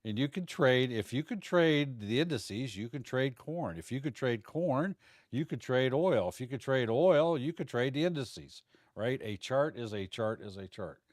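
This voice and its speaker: A man's voice: medium pitch, lively intonation, normal speed, darkish tone, dry recording, studio quality. A middle-aged man teaching futures trading on a livestream, talking casually in a folksy, rambling way and stumbling over words now and then. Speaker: trading instructor.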